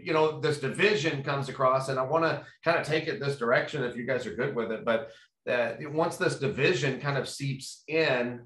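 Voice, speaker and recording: A man's voice: medium pitch, fairly bright tone. A man hosting a casual panel discussion, talking in a rambling, conversational way with lots of fillers. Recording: roomy echo.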